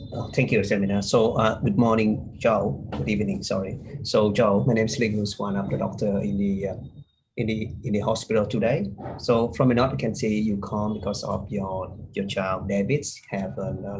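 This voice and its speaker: A man taking a practice medical exam as the doctor, asking a parent polite questions with frequent pauses and fillers. His voice sits on the low side. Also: a little mellow, a little hiss or hum, rough recording. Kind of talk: medical exam role-play.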